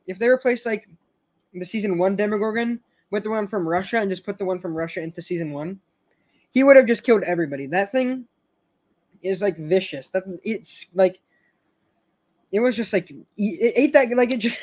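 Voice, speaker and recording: High-voiced young man rambling about a show. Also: darkish tone. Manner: rambling, stammers and restarts, laughs often. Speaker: show fan host. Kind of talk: casual fan commentary stream.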